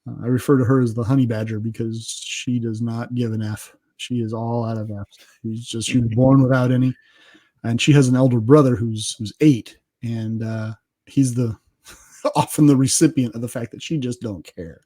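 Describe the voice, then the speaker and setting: A man's voice: mid-range voice, fairly even intonation, moderate pace, dark tone. A middle-aged man, a podcast guest, telling self-deprecating family stories in a casual interview, often laughing as he talks.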